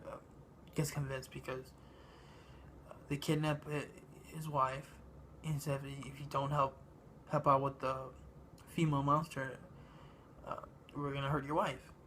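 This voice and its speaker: A man giving a casual spoken movie review, halting and meandering, with lots of ums and uhs. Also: mid-range voice, flat delivery, fairly bright tone, slight background noise. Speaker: film reviewer.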